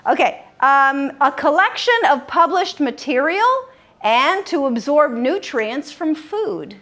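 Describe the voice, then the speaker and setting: A woman's voice: high-pitched, animated, slow pace, a bit bright. A woman hosting a live word game for seniors, patiently giving clues and repeating the answers back. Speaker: quiz host. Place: common room of a senior-living community.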